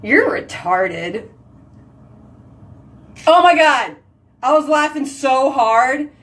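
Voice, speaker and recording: A woman's voice: high-pitched, sing-song, very slow, fairly bright tone, recorded from a distance. A woman hosting a casual live video chat, telling giggly stories and answering viewer comments. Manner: chatty, giggly storytelling. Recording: voice slightly off-mic.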